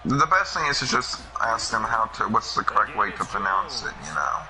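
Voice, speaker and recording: A man casually commentating a football video game with a friend, chatty and quick to laugh at his own slips. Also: on the low side, lively intonation, noisy background.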